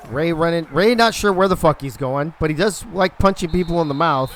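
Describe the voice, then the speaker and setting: A man's voice: a little high, fairly quick, fairly bright tone, slight background noise. Man doing loose football stream commentary. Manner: loose and profane, chatting with the stream between plays. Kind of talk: casual live-stream game commentary.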